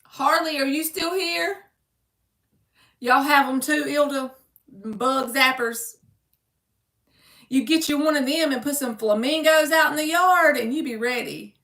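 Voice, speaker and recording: A woman's voice: high voice, unhurried, vocal fry, pauses often, fairly bright tone, roomy sound. A woman giving a chatty live-stream tarot reading, calling viewers "baby" and reading card meanings aloud from a book. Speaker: tarot reader.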